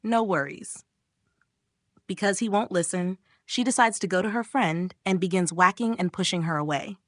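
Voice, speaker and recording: A woman's voice: on the low side, fairly quick, fairly bright tone, dry recording, studio quality. A woman narrating a casual, slangy story recap.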